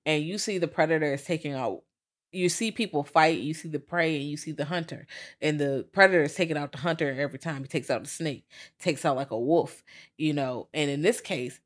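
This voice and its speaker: A woman's voice: deep voice, a little fast. A woman co-hosting a podcast, recapping a film in casual, profane slang and acting out the characters as she goes. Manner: animated storytelling, acts out characters, profane slang. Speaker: podcast co-host. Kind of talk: casual movie recap chat.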